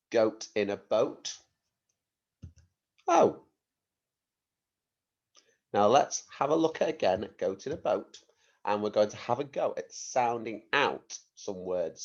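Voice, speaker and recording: A British man teaching young children phonics, talking slowly and clearly and sounding out words in an encouraging way. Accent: British English. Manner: slow, clear and encouraging, sounding out words and leaping up in pitch on blended words. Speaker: primary school teacher. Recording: dull lo-fi home recording.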